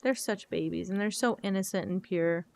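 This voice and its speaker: A woman's voice: medium pitch, normal speed, gravelly, darkish tone. A woman streaming a game, chatting casually and emotionally with viewers while she plays.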